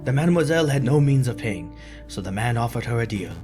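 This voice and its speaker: A man voicing a smooth, scheming male bird prisoner who poses as a prince, theatrical with a put-on foreign lilt. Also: medium pitch, expressive, fast talker, music in the background, close to an everyday voice. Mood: storytelling.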